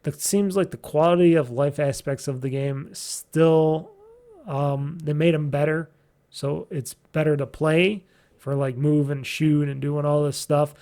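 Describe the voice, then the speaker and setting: A man with a gravelly edge and a fairly high voice, hosting a gaming podcast. He talks loosely and chattily, full of "um"s and restarts, like a casual solo game review. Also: fairly even intonation, measured pace, mellow.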